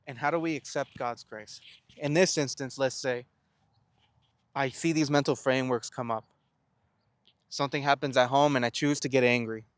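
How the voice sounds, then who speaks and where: A man's voice: mid-range voice, steady tone, moderate pace, pauses often, no room sound. A young man talking to the camera in an earnest, reflective self-help monologue, often posing rhetorical questions and stumbling over repeated words. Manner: earnest, asks rhetorical questions and answers them; stammers and restarts words.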